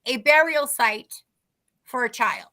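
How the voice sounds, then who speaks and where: A woman co-hosting a podcast, telling a story in a lively, chatty way and acting out the dialogue. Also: on the high side, slow. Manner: animated, acts out quoted dialogue. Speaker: podcast co-host. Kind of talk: casual storytelling.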